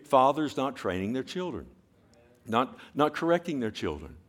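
Man, pastor, sermon, emphatic, swings loud to hushed, repeats himself, asks for amens. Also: sing-song, moderate pace. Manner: swings between loud emphatic bursts and low quiet asides; repeats words and asks the audience "Amen?".

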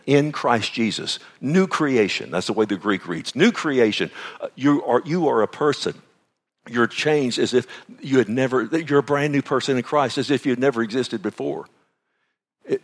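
A middle-aged pastor preaching, who keeps throwing questions out to the congregation. His voice sits at an ordinary pitch for a man. He moves between loud, fervent lines and soft, hushed ones. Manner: preaching with call-and-response questions. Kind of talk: sermon.

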